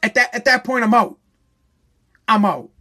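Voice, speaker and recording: A man's voice: very high voice, lively intonation, moderate pace, sharp tone. A man hosting a show, delivering a heated, profane opinion rant and repeating phrases for emphasis.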